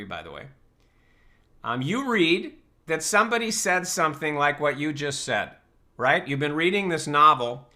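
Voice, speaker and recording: Bright-voiced man teaching on a live show. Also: mid-range voice. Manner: conversational, explaining with rhetorical questions. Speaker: host and personal-growth teacher. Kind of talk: live online Q&A talk.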